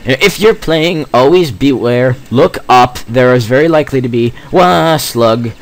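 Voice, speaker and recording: A man's voice: mid-range voice, a little slow. A teenage boy doing gameplay commentary, rambling and jokey with self-mocking asides. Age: teens. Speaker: let's play gamer.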